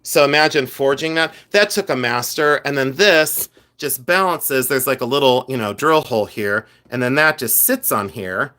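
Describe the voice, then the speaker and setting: A man's voice: mid-range voice, moderate pace, hardly any pauses, sharp tone. A man hosting a casual live stream from his home studio, chatting to viewers in a scattered, rambling way. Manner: chatty, scattered, talks to chat while rummaging around. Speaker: livestream host, silversmith.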